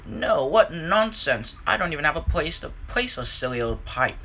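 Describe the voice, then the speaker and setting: A man's voice: a little high, big pitch swings, moderate pace, pushed and bright, a little hiss or hum, full character voice. A man voicing a haughty, scornful male engine in a storybook reading, mocking and dismissive. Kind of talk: storybook character voice.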